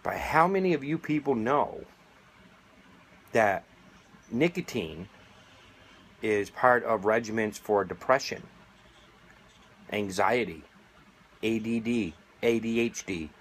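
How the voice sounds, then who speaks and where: A man's voice: on the low side, animated, takes it slowly, long pauses, fairly bright tone, a little hiss or hum. A middle-aged man speaking straight to camera, sarcastic and indignant, making a plea as a vaping advocate. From United States. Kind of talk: direct-to-camera appeal.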